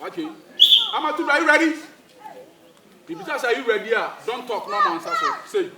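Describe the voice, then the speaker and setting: A man's voice: very high-pitched, huge pitch swings, a little fast. A man with a Ghanaian accent playing a football coach in a comedy skit, giving bossy orders and mixing Twi with English. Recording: echoey, far from the mic, faint noise.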